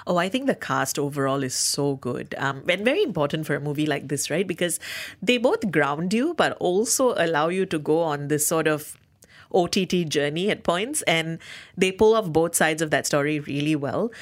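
A woman's voice: sits low, expressive, normal speed. Enthusiastic woman reviewing films on radio. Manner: enthusiastic, gushing. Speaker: radio show co-host. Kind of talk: casual film review chat.

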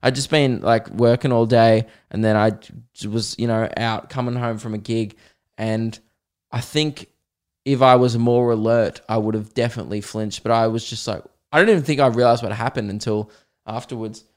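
An Australian man at an average pitch, spinning a comic story on his podcast. He talks in a lively, self-mocking way and jumps into voices of the people he describes. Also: moderate pace. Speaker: podcast host, comedian.

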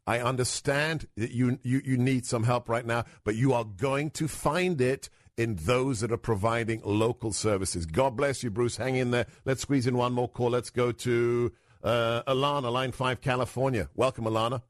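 A man's voice: mid-range voice, normal speed, hardly any pauses, no room sound, studio quality. A man hosting a call-in radio talk show, speaking confidently and emphatically, repeating phrases for stress.

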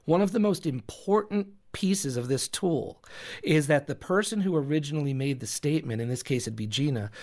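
A man's voice: on the high side, normal speed, darkish tone. A man, a pastor and podcast guest, earnestly explaining with everyday examples and repeating words as he thinks. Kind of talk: earnest advice in a recorded talk.

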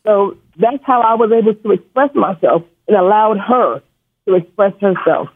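A man's voice: high-pitched, moderate pace, breathy edge. A man from New York calling into a radio show, stuttering and rambling emotionally through a story about his family. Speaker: caller. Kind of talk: call-in storytelling. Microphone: phone. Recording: tinny phone line.

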